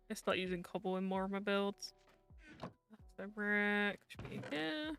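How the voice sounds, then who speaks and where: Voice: mid-range voice, animated, unhurried, fairly bright tone, soft background music. A VTuber streamer in casual live-stream chat while gaming, rambling, teasing friends and muttering to themself.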